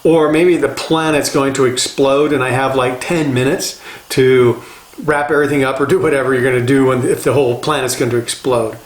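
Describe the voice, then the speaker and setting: A man's voice: medium pitch, fairly even intonation, fairly quick. Older man coaching in an echoey room. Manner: earnest, conversational, repeats phrases for emphasis. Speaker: life coach. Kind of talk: motivational talk.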